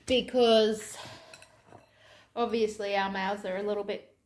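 Her medium-pitched voice stays fairly even and a bit slow as this Australian woman makes food at home and vlogs casually. She thinks out loud with self-deprecating remarks, and the echoey kitchen carries dish clatter and slight background noise.

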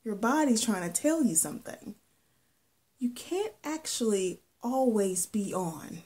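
An earnest, gently insistent woman therapist, put on by a vlogger woman. Her voice sits higher than the vlogger's own and keeps a husky, breathy edge. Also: animated, a little slow. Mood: gently warning. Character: calm patient woman therapist giving advice.

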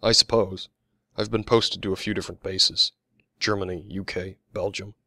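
A man's voice: deep voice, fairly even intonation, normal speed, bright, forceful tone, no echo, clean studio sound, full character voice. A man voicing a tall young army sergeant who greets old friends politely and a little awkwardly. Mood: polite, surprised.

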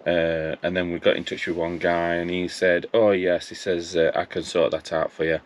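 A man's voice: low-pitched, flat delivery, moderate pace. A man, casually telling a story and acting out his phone calls in quoted dialogue. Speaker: vlogger.

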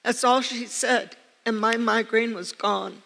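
A woman's voice: on the high side, steady tone, a little slow, vocal fry, pushed and bright. An older woman preaching a sermon, telling personal stories with earnest, emphatic repetition. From United States. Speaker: pastor. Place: church sanctuary. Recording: long church reverb.

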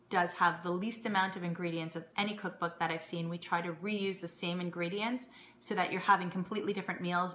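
A woman hosting a casual live stream from home, chatting warmly with viewers and thanking them. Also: on the low side, a little hiss or hum. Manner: chatty, warm thanks to viewers, excited greetings. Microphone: phone or webcam live stream. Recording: roomy home audio with faint ambience.

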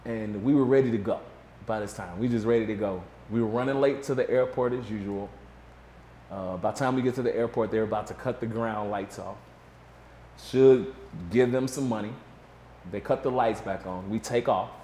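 A man's voice: on the low side, moderate pace, reverberant, a little hiss or hum. A man guest in a casual interview, telling a story and acting out what others said. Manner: animated storyteller, acts out quotes.

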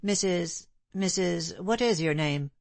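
A woman reading a cold, composed gentleman. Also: fairly low pitch, slow, vocal fry, no echo. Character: calm, stern gentleman with a hard voice.

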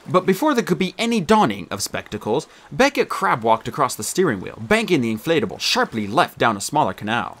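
A man reading an audiobook aloud with lively, expressive storytelling. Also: medium pitch, moderate pace. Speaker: audiobook narrator.

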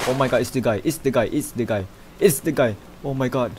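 A young man commentating a horror game, with loud panicky outbursts, swearing and laughter. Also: mid-range voice, fast, background noise. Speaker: gamer. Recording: game music behind.

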